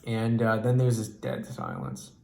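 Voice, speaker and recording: A man telling a stand-up comedy story in a profane, animated and exasperated way. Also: on the low side, unhurried, creaky, reverberant.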